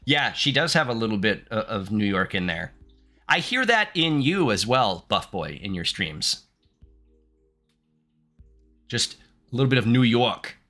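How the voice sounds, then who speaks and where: A man's voice: on the low side, sing-song, a little slow, pauses often, pushed and bright. A man from the United States streaming gameplay, reading game text aloud and chatting playfully with his viewers, laughing often. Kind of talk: live-streamed gameplay commentary.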